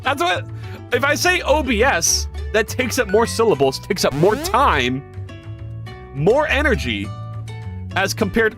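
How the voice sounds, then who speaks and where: A game developer chatting casually on a livestream, excitable and self-deprecating, who swears freely and greets viewers by name. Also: mid-range voice, unhurried, faint music behind.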